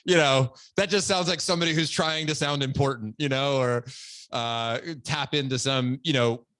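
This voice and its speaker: Excited middle-aged guy on a podcast, keeps saying dude, dry close mic. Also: medium pitch, moderate pace, no room sound. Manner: enthusiastic storytelling, says "dude" a lot. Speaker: podcast host. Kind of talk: casual podcast conversation.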